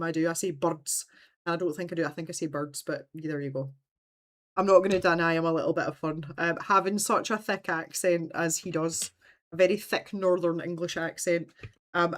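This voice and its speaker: A woman's voice: on the low side, steady tone, brisk, a bit bright, a little hiss or hum. Scottish woman, art stream host, meandering casual chat with frequent laughs. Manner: chatty and meandering, laughs often.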